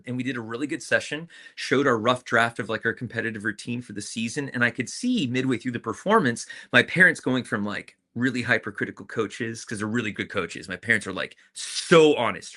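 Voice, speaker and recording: A man telling personal stories in an interview, animated and candid, swinging between loud and soft, swearing freely. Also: medium pitch. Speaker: interview guest, professional dancer.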